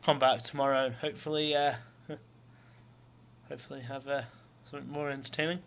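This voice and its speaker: Slight background noise accompanies a medium-pitched, level, a little fast and somewhat bright male voice with a Scottish accent. He's a vlogger chatting casually in a diary vlog, rambling through fillers and swearing while self-mockingly chuckling.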